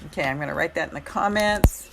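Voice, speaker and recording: A middle-aged woman hosting a live coaching stream, speaking in a gentle, encouraging way with a hoarse voice and often repeating her phrases. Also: deep voice, fast talker, noisy background.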